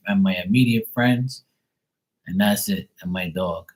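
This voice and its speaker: A man's voice: low-pitched, unhurried, low-quality recording. A man chatting casually on a live tarot stream, blunt and swearing freely. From Bermuda.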